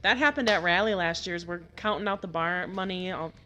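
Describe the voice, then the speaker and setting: A woman trades wry, profane retail stories in a casual chat. Her voice is bright and forward. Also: lowish voice, brisk. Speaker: guest.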